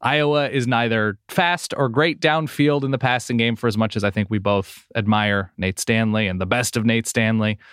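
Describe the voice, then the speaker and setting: A man's voice: medium pitch, fairly even intonation, normal speed, hardly any pauses, fairly bright tone, clean tone, no echo, studio quality. A man co-hosting a casual sports podcast, breaking down stats in a chatty, self-correcting way. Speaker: podcast co-host.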